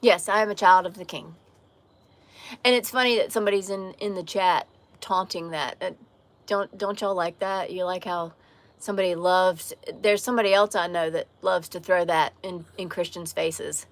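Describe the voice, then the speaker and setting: A woman with a slight Southern accent and a lowish voice hosts a casual livestream chat outdoors on a porch. She speaks frankly and answers viewer comments, often stopping to restart a sentence. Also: fairly even intonation, normal speed. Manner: candid, frank, with frequent restarts and trailing phrases. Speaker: livestream host.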